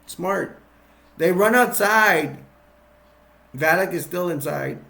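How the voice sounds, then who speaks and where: Guy recapping a movie all excited, kinda high voice, rambles and goes brrr. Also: takes it slowly, vocal fry. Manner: rambling, excitable, with sound effects. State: sugar-boosted, energetic.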